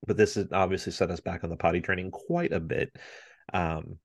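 A man in his thirties with a deep, low voice tells a family story as a podcast co-host. He is animated and slips into his relatives' voices as he goes. The sound is dry and close, with no room echo. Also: a little fast. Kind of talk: casual chat.

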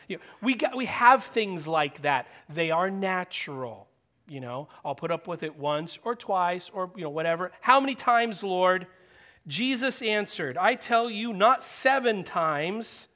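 A man preaching a sermon in a high, lively voice. He urges his listeners loudly, then drops to a near-whisper, and he acts out the voices he quotes while asking the room direct questions. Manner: animated preaching, swings from loud urging to hushed near-whisper. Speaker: pastor.

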